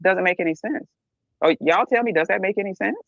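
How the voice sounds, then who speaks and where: A woman's voice: mid-range voice, brisk, gravelly, dry recording. Blunt middle-aged woman, dull dry recording. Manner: blunt, emphatic, keeps asking "right?". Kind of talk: candid podcast discussion.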